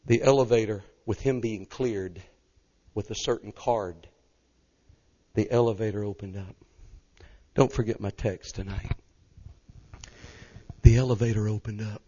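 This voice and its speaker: A man's voice: on the low side, unhurried, pauses often, highs cut off. A man from Arkansas, an evangelist telling a story in a sermon and acting out the voices. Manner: animated, acts out voices.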